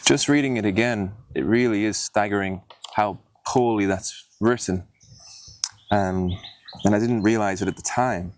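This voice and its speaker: A man's voice: on the low side, moderate pace, slight background noise. A young man hosting a writing video, explaining mistakes in his old story in a plain, self-critical way. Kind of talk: casual teaching monologue.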